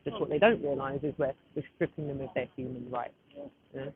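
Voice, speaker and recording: This thirties-aged woman has a very deep voice with a steady tone and brisk pace as she rambles on a casual live stream from a street gathering outside. She keeps pausing to fiddle with her phone, whose camera mic produces tinny audio with faint noise.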